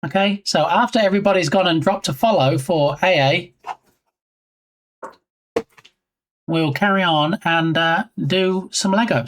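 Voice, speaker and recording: Playful, joking male streamer. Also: fairly high pitch. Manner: playful, jokey, teasing chat. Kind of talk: casual live-stream chat.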